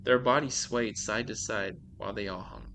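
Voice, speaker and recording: A podcast host with a bright, forceful voice chats casually and reads short horror stories. He slows down for the dramatic lines. A faint hiss sits under the recording. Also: on the low side, fairly even intonation.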